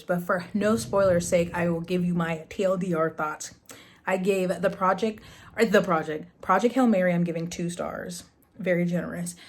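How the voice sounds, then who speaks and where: Young woman book vlogger, lowish voice, blunt and exasperated. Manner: blunt, exasperated, swears casually. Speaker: booktube vlogger. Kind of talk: casual reading vlog and review.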